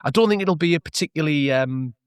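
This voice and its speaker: On a remote call, this football podcast co-host speaks quickly in a clean, somewhat high voice. The studio sound has no room tone, and he hesitates, fills pauses and laughs often.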